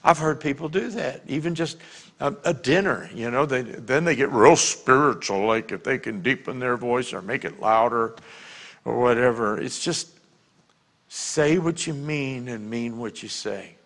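An older man with a Louisiana accent delivers a sermon from a church pulpit. His voice has a gravelly edge at an everyday pitch. He talks earnestly, like someone telling his own story, and gets quiet and intimate when it matters. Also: unhurried. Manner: earnest storytelling, drops to a quiet hush for emotional moments. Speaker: pastor. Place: church sanctuary.

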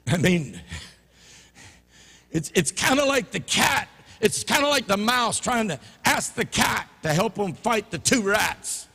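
Animated preaching man in reverberant church. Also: a little slow, gravelly, husky. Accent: Louisiana Southern American. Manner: animated preaching, swinging from low murmurs to loud emphatic peaks. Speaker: pastor. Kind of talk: sermon. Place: church sanctuary.

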